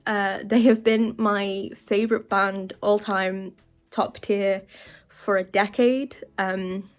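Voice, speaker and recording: A young woman talking straight to the camera in her bedroom, rambling excitedly with lots of fillers. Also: medium pitch. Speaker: vlogger. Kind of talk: casual rambling vlog. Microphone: camera facing her.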